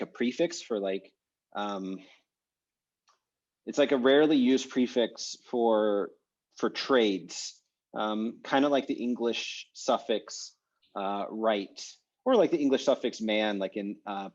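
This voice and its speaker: A man with a somewhat low voice teaches a language class over a video call. He thinks aloud, pausing on fillers and restarting sentences. The call audio sounds slightly muffled. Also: darkish tone. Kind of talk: online class discussion.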